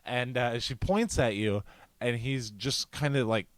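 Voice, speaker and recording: A man's voice: medium pitch, unhurried, no room sound. A man co-hosting a podcast, telling profane stories and mimicking other people's lines. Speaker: podcast co-host. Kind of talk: casual chat.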